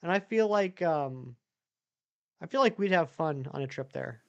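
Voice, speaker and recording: A man's voice: on the high side, expressive, moderate pace, creaky, smooth, dull audio. Rambling casual male streamer. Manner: rambling, many fillers and restarts. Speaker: live streamer. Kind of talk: casual chat with viewers.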